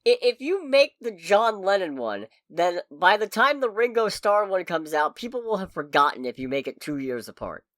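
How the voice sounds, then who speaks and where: A woman's voice: mid-range voice, sing-song, normal speed, hardly any pauses, dry recording, clean studio sound. A woman co-hosting a podcast in casual chat, rambling and correcting herself as she jokes along. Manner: rambling, self-correcting, jokey. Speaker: podcast co-host.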